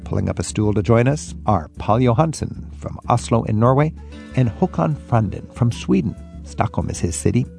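A man's voice: medium pitch, normal speed, creaky, faint music behind. A man hosting a travel talk show and questioning his guests in a chatty way. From United States. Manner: chatty, leading questions with lively asides. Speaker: host.

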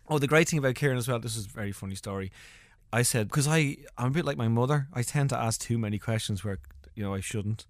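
An Irish man chats as a comedian guest, spinning quick funny anecdotes and breaking into laughter. His voice sits at a medium pitch, and the recording is dry and close. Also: dry recording. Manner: animated storyteller, laughs often, acts out voices. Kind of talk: casual interview anecdotes.

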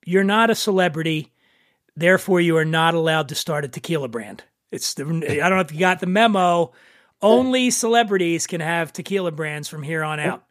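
Chatty and joking, this Philadelphia-accented podcast host from Philly leads a laid-back whiskey tasting, frequently starting over. His slightly high, fairly bright voice has lively intonation at a moderate pace, captured cleanly in a studio without echo.

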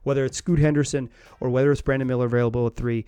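A man's voice: medium pitch, fairly even intonation, racing, mellow, clear, resonant tone, dry recording. Rambling man on a sports podcast. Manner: rambling, many restarts and fillers. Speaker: podcast host. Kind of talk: casual sports commentary.

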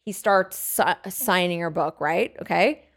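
Woman telling a story, lots of swearing and acted-out quotes, super animated. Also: fairly low pitch, measured pace. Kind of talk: casual storytelling chat.

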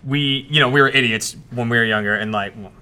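Male podcast co-host, bright tone, laughing casual storyteller. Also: mid-range voice, fast, clear, resonant tone. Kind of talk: casual chat.

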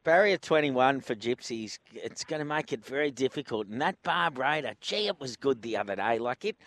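A man hosting a racing radio show, talking in a relaxed, friendly way. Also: mid-range voice, moderate pace. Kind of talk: casual radio chat.

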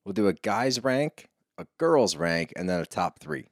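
A man's voice: low-pitched, very animated, unhurried, dry recording, studio quality. A man co-hosting a podcast, teasing his partner and steering the casual reality TV chat back on track. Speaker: podcast co-host.

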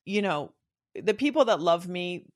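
A woman's voice: on the low side, lively intonation, unhurried. Reflective middle-aged woman in conversation. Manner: reflective, earnest, with frequent restarts. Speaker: guest. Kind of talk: casual interview talk.

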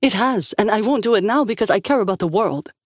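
A woman voicing a calm, proud female sorceress who speaks earnestly. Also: medium pitch, fast, no echo, studio quality, voice pushed up, natural voice.

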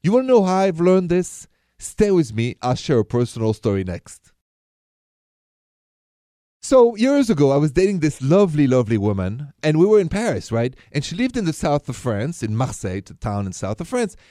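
A man's voice: a little high, big pitch swings, moderate pace, mellow, no echo, studio quality. A man hosting a call-in radio advice show, chatty and coaching, repeating his key phrases to drive them home. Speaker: radio dating advice host.

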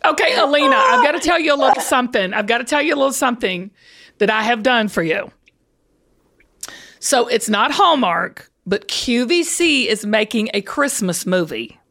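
Animated woman podcast host. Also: on the high side, moderate pace. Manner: animated, laughing storyteller. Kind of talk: casual chat.

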